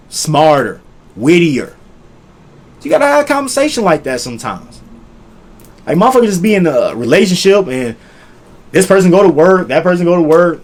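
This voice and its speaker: A young man, giving profane, preachy relationship advice in a casual monologue that keeps circling back to the same points. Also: high-pitched. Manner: profane, preachy, repetitive, rises loud when making a point. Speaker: relationship vlogger.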